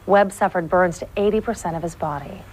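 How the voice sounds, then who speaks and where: A female news anchor reading scripted stories clearly and evenly. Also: lowish voice. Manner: clear, measured delivery.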